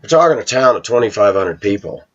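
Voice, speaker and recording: A man recounting a childhood story in a casual monologue, animated and acting out the voices of others. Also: fairly low pitch, quick pace. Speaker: vlogger. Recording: dull lo-fi home recording.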